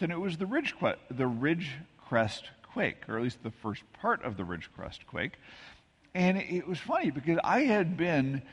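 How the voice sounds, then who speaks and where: A man with a slightly husky voice preaches in a relaxed, conversational way, tossing in asides and jokes at his own expense. He is from the American Midwest. His voice rings out through a church with a long, lingering reverb. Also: mid-range voice. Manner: conversational, self-deprecating storytelling with asides. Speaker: pastor. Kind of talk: sermon. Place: church sanctuary.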